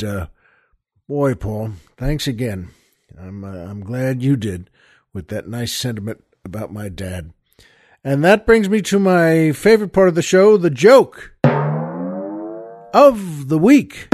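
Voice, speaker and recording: A man's voice: mid-range voice, darkish tone, no room sound, clean studio sound. An older man hosting a podcast, telling a joke in a rambling, chuckling way, with lots of fillers. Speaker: podcast host. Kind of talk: casual storytelling chat.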